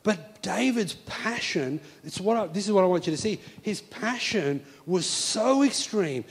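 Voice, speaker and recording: A young adult man preaching an animated sermon, retelling a story casually and acting out its voices. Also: sits high, measured pace, breathy edge. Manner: lively, acts out voices, casual phrasing.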